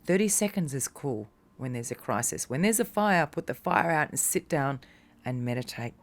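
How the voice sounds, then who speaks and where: Low-voiced encouraging meditation teacher woman. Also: expressive, moderate pace. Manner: encouraging, speaks directly to the listener. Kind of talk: casual motivational talk.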